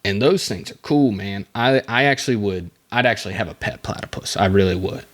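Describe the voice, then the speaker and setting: Low-voiced rambling podcast host man. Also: a little fast, a bit bright. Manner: rambling, jokey, self-mocking asides. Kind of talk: casual solo podcast chat.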